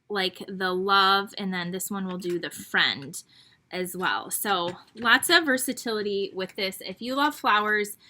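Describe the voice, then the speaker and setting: A woman's voice: medium pitch, sharp tone. A middle-aged woman hosting an online card-making class, chatty and rambling with frequent ums. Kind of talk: casual crafting tutorial.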